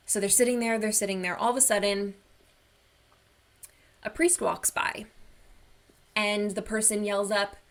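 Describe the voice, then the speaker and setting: A woman's voice: mid-range voice, fairly even intonation, a little slow, vocal fry, pauses often, fairly bright tone. A woman wellness coach giving an online workshop in an earnest, personal storytelling manner.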